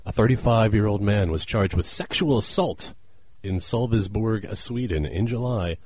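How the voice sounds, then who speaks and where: A man's voice: lowish voice, normal speed, breathy edge, dry recording. A man co-hosting a casual comedic podcast, telling stories with lots of laughter. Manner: laughing, animated storytelling. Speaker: podcast co-host.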